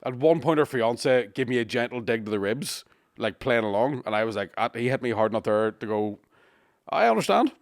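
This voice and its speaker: A man tells a rowdy tale on a podcast, swearing freely and bursting into loud voices for the people in his story. The recording is close and dry, with no room sound. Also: medium pitch, brisk, no room sound. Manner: swears a lot, lively storytelling with shouted impressions. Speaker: comedian podcast co-host. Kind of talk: casual storytelling chat.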